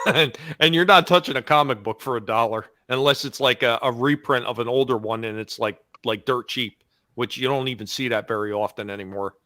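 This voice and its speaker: A man with a bright, forceful voice, chatting nostalgically about his childhood. The sound is dry and close. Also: mid-range voice, brisk, no echo. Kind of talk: casual chat.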